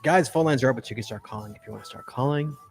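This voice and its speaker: A man's voice: medium pitch, racing, gravelly, soft background music. A man hosting a live call-in podcast, upbeat and chatty, repeating himself as he hypes up callers. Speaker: podcast host.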